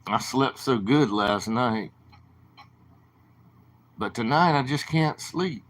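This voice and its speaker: A man's voice: mid-range voice, expressive, slow, a bit bright. A man with a southern drawl, rambling casually to viewers on his late-night livestream. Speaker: livestream host.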